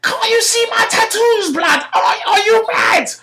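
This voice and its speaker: A man imitating a skinny young man who screams threats in a shrill, high voice. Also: animated, unhurried, a little hiss or hum, full character voice. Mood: screaming threats. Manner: screeching, shouting street threats. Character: shrill young man, knife-wielding street tough.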